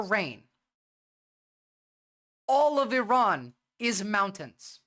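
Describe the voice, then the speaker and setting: A woman's voice: medium pitch, pushed and bright. A woman hosting a livestream, talking bluntly and rambling in casual commentary. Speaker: livestream host.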